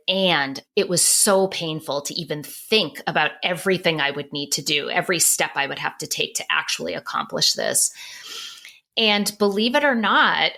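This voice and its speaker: Middle-aged woman psychologist on a podcast, bright clear voice, candid and animated. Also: on the low side. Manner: candid, emotional, animated storytelling. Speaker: psychologist and author guest. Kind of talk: personal storytelling in a podcast interview.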